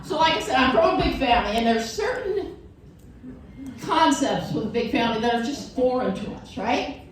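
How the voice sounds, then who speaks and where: A woman's voice: on the high side, normal speed, slight background noise. A middle-aged woman from Wisconsin doing a stand-up comedy set, telling stories with mocking voices, in a venue with a live audience. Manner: animated storytelling with mocking voices. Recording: roomy, distant mic, audience laughter.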